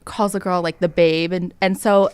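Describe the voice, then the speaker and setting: A woman's voice: lowish voice, steady tone, moderate pace, clear, resonant tone, dry recording. A woman telling a story in casual podcast chat, full of fillers and asides. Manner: chatty storytelling with many fillers. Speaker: guest realtor.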